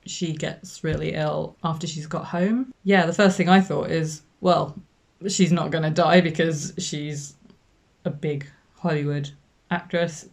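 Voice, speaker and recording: A woman's voice: low voice, vocal fry, a little mellow. A woman co-hosting a casual film review from home, talking frankly and chattily.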